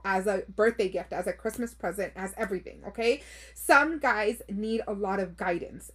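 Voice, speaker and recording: A woman in her thirties with a slightly husky, fairly high voice hosts a casual podcast, reading out listener stories. She talks bluntly and swears freely. She slips Spanish phrases into her English. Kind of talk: casual chat.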